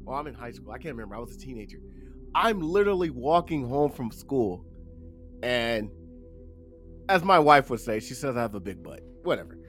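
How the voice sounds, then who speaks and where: A man co-hosting a podcast, telling a story in casual chat and loudly acting out his own quotes. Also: medium pitch, sing-song, brisk, faint music behind. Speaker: podcast co-host.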